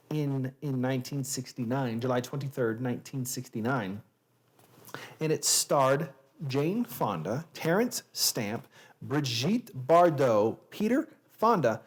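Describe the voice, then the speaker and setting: A Southern-accented host talks to viewers at an unhurried, drawn-out pace. The chat rambles and keeps getting sidetracked before it drifts back to reading aloud. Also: medium pitch, slight background noise. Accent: American Southern. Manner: rambling, easily sidetracked, chatty; sips bourbon between readings. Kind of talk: casual chat and poetry reading.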